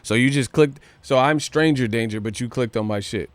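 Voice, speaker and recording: A man hosting a boxing news livestream, ranting casually with profanity and rapid rhetorical questions. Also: medium pitch, no room sound.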